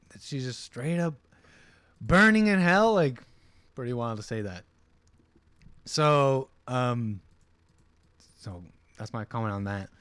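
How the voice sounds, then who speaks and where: A man's voice: a little high, no room sound. A man hosting a casual livestream, rambling with many fillers and restarts and mocking voices for the people he quotes. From United States. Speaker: livestream host.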